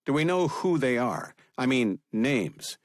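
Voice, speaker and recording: A man's voice: medium pitch, sing-song, slow pace, no echo, voice pushed up. Man playing a curt commanding president, storybook, dry sound. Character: adult male president, gruff, commanding.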